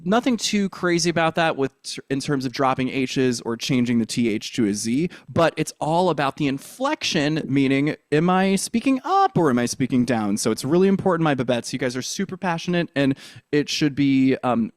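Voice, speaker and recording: A man's voice: on the high side, big pitch swings, normal speed, dry recording, clean studio sound. A man coaching a theater class on accents, upbeat and encouraging as he demonstrates lines. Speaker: drama coach.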